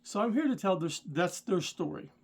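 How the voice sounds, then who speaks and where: A man's voice: sits high, expressive, moderate pace, vocal fry, slightly rough. A middle-aged man, a rideshare driver and channel host, telling a story straight to the viewer and getting worked up and indignant. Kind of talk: casual storytelling vlog.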